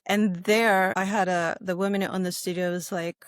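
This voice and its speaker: A middle-aged American woman, a yoga instructor and podcast guest, telling her personal story in a casual, animated way and acting out what other people said. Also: lowish voice, moderate pace, dry recording, studio quality. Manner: animated, acts out quoted people in livelier voices.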